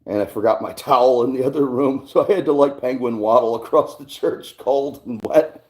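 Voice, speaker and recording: A man's voice: medium pitch, normal speed, a little mellow, husky. A man hosting a casual livestream from his garage, talking in a rambling, laid-back way and swearing often. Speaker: livestream host.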